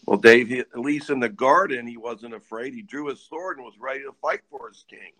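A man's voice: mid-range voice, fairly quick, fairly bright tone. A male co-host of a talk show, chiming in emphatically and repeating his key words. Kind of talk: casual chat.

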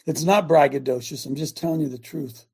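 An older man hosting a talk radio show, delivering a fiery, repetitive preachy rant that rises to shouts. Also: a little high, normal speed, creaky, husky.

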